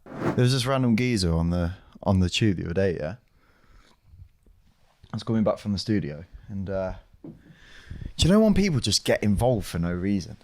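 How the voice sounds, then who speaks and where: A young man with a British English accent, co-hosting a podcast and telling a casual story, animated and sweary, acting out what people said. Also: deep voice, moderate pace, pauses often. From Britain. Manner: animated, sweary, acts out dialogue. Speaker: podcast co-host.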